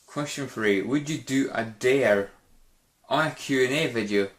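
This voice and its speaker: A man's voice: mid-range voice, a little slow. A man hosting a casual Q&A vlog, rambling and hesitant with many fillers and restarts. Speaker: YouTube gaming channel host.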